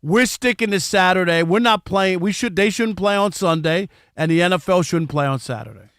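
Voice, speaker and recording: A man's voice: high voice, fairly quick, a bit bright, smooth, no echo, studio quality. A man hosting a sports radio show, talking in a conversational, hedging way and restarting his thoughts often.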